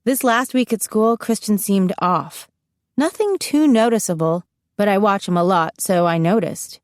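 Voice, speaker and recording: A woman reading a first-person audiobook in a wry, confiding voice. Her pitch is middling for a woman, and the recording is close and dry with no room sound. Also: lively intonation, unhurried, dry recording. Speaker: audiobook narrator. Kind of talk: first-person scripted narration.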